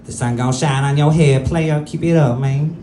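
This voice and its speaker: A man puts on a hyped comedian's voice, pitched up above his usual range. It cheers and encourages in street slang. The sound is roomy, with faint crowd ambience underneath. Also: steady tone, normal speed, warm tone, a little hiss or hum, natural voice. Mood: hyping. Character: impression of a male comedian as a cheering inner narrator.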